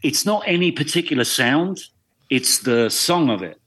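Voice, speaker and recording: A man's voice: fairly high pitch, very animated, moderate pace, a bit bright, husky. A middle-aged English man, a guest actor, chatting casually on a podcast in a wry, self-deprecating way.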